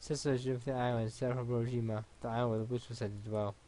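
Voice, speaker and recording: A man reading a visual novel aloud for a let's play, in an even, unhurried way with small stumbles. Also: medium pitch, slight background noise.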